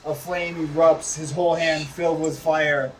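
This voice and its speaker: A man narrating a tabletop game as game master, unhurried and with frequent restarts. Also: fairly high pitch, little pitch movement, recorded from a distance, music in the background, poor audio.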